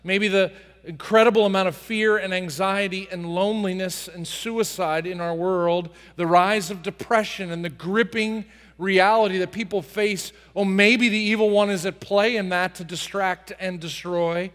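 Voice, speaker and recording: A male pastor preaching a sermon in a dramatic style, acting out prayers and swinging from soft to booming. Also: steady tone, moderate pace, big-room sound. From United States.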